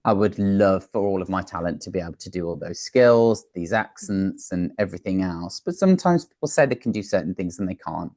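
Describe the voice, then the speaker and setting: A man's voice: deep voice, lively intonation, brisk, few pauses, a little mellow, no echo, clean studio sound. A man, a talent manager and producer, answering interview questions in an earnest, advisory way with frequent fillers and restarts.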